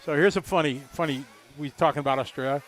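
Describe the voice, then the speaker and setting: A man's voice: fairly high pitch, fast talker. Chatty man in his fifties commentating. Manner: chatty, rambling, jokey. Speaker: race commentator. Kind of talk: casual live commentary chat.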